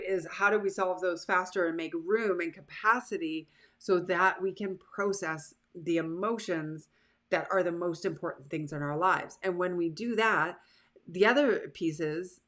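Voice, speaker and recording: Speaking in relaxed live-stream style, a woman with a lowish, fairly bright voice runs a motivational show and addresses her online viewers with lively energy.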